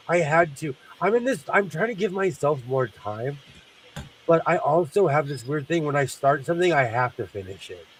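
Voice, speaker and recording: A man's voice: fairly high pitch, a bit bright, recorded from a distance, slight background noise, rough recording. A man hosting a sewing livestream, congested from sinus trouble, chatting in a rambling way and laughing often. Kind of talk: casual chat while sewing.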